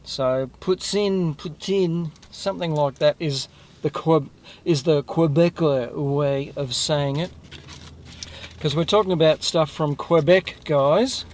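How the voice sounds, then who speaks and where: A man's voice: on the high side, slow pace. An Australian man hosting a casual food review video, chatting to his viewers in a rambling way and correcting himself as he goes.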